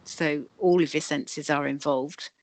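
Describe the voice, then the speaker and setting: A woman guest on a video call interview, calmly explaining energy healing. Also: sits low, a little slow, no echo. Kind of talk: interview answers.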